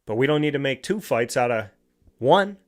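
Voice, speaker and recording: A man's voice: medium pitch, animated, moderate pace. Male host, motivational monologue; lectures the listener, leans on rhetorical "right?" asides. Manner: lecturing with rhetorical questions, often asks "right?".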